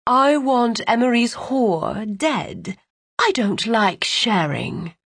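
A woman reading as a menacing villainess in a storybook, her voice sickly sweet and light, drawn out slowly as she taunts. The tone is breathy and close, with no room around it. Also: on the high side, sing-song, fairly bright tone, dry recording, exaggerated voice. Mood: cold menace. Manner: slow, sugary, taunting.

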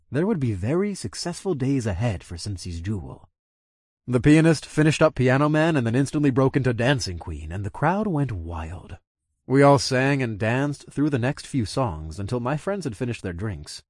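A man reads a first-person story aloud, his pitch moving up and down as he tells it. He sounds close to the mic in a dry room with no echo, and every line carries feeling. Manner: expressive, voices every character. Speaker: audiobook narrator.

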